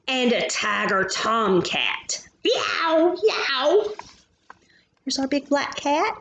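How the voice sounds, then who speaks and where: As a preschool teacher, a woman gently reads a picture book aloud to young children, pausing to ask questions and point out pictures. Her voice is a little high, and the recording sounds muffled with a slight hiss or hum.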